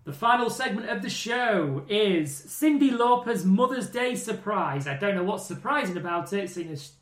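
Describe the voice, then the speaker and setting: A man's voice: high voice, expressive, normal speed, a bit bright, soft background music. A man co-hosting a podcast, recapping in a dry, sarcastic manner with frequent laughs. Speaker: podcast co-host. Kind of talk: casual recap chat. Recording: echoey room.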